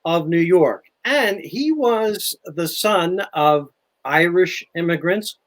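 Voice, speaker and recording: An older man chatting as a historian guest, telling history stories in a lively, animated way. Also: high voice, slow. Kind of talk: casual history chat.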